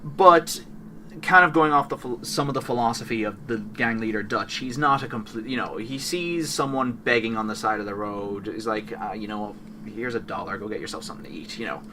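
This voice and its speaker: A man's voice: mid-range voice, normal speed, bright, forceful tone, far from the mic, slight background noise. A man co-hosting a podcast, chatting casually and enthusiastically about video games, often correcting himself mid-sentence. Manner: rambling, enthusiastic, self-correcting. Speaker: podcast co-host. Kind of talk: casual gaming chat.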